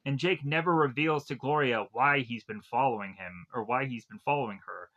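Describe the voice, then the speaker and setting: A film reviewer casually retells a movie's plot in a rambling, filler-heavy way, with restarts and quick acted quotes. His medium-pitched voice is bright and forceful, and the sound is lo-fi.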